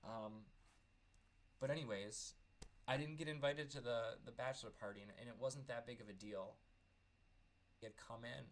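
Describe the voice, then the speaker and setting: A man's voice: medium pitch, normal speed, long pauses. A man in his thirties telling a personal story in a vlog, earnest and candid, often stumbling over repeated words. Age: 30s. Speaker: vlogger.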